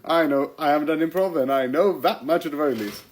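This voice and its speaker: A man's voice: a little high, fast talker, poor audio. A man rambling casually about TV episodes, laughing often and restarting his sentences as he goes. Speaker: vlogger reviewing TV episodes.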